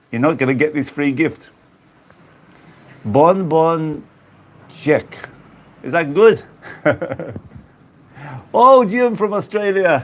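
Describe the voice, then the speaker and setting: A chatty English man runs a casual live stream, reading out viewers' names and laughing as he goes. His voice sits a bit high for a man, with a relaxed, rambling manner. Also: highs cut off. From England. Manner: chatty, laughs often, greets viewers by name. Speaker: YouTube host reading live chat.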